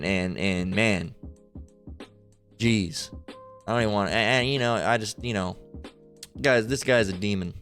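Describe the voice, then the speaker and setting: A man's voice: lowish voice, a bit bright. A man giving angry reaction commentary, profane and heated, quoting scripture between insults. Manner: quotes scripture. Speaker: online commentator.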